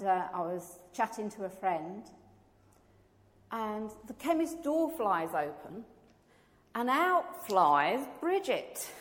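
Chatty woman telling a testimony. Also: medium pitch. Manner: chatty, acts out the voices in her story. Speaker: churchgoer giving a testimony. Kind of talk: personal testimony storytelling. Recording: long echoey reverb.

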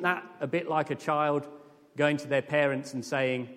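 A man preaching a sermon with earnest, lively emphasis that rises to emphatic peaks. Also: on the high side, moderate pace. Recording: long hall reverb.

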